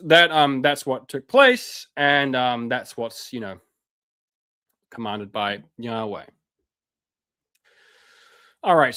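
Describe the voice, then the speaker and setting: A man's voice: mid-range voice, pushed and bright. A man giving a live-stream lecture in an impassioned, sarcastic way, with many fillers and restarts.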